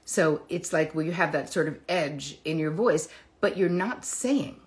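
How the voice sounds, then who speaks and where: A woman's voice: deep voice, a little slow. A middle-aged woman therapist talking solo on a live stream, candid and chatty, casually swearing and poking fun at herself.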